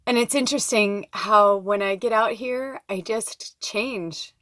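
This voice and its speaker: A woman's voice: mid-range voice, measured pace, fairly bright tone, no room sound, studio quality. A woman talking to her viewers in a rambling, heartfelt personal vlog, moving between laughter and near tears. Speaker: spiritual vlogger.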